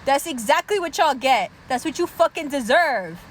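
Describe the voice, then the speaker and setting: A woman's voice: sits high, lively intonation, normal speed, slight background noise, low-quality recording. A woman from Pakistan ranting heatedly on her vlog, taunting and mocking listeners and swearing constantly. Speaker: vlogger. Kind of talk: heated profane rant.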